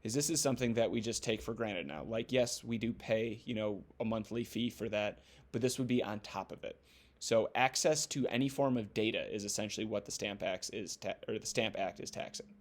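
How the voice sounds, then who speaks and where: A man's voice: lowish voice, fairly quick. A man teaching a recorded history lesson in a loose, joking way, with many ums and playful asides. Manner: casual, joking, acts out quoted voices.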